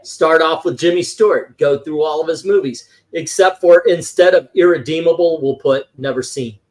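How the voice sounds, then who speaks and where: A man with a fairly high voice hosts a casual film chat. He talks in an animated, loose way and swears freely now and then. His delivery is excitable and conversational. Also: moderate pace. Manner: animated, swears casually, reads movie quotes aloud. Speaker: podcast co-host. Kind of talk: casual chat about classic films.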